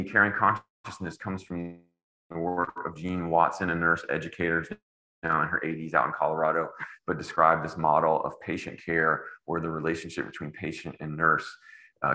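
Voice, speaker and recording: A middle-aged man lectures on medicine, wandering into casual, wry asides. His voice sits extremely low yet cuts through bright and forceful. The echoey lecture room rings around him. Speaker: anesthesiologist giving grand rounds.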